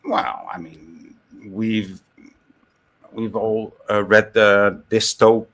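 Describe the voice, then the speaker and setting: A man's voice: on the low side, level tone, drawn-out words, fairly bright tone. A man with a Dutch accent talking casually on a call-in stream, rambling and restarting his sentences. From Netherlands. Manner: rambling, repeats words and restarts.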